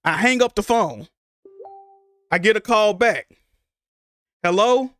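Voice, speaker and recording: High-voiced man recounting a painful story. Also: animated, a bit bright, faint music behind. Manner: emotional, halting retelling with repeated words. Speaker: streamer. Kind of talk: casual storytelling to stream viewers.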